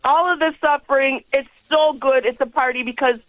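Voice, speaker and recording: A woman's voice: high voice, fairly even intonation, moderate pace, dry recording, low-quality recording. A woman in her sixties calling a radio show by phone, talking in an effusive, rambling, fervent way and laughing often. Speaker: caller.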